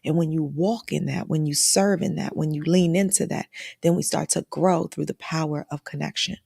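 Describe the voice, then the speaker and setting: Female host, low and gravelly, encouraging and heartfelt, close dry mic. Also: fairly even intonation, normal speed, dry recording. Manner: warm, encouraging, emotional, often asking "right?". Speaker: host of a live online talk. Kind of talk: motivational live-stream talk, reading out chat comments.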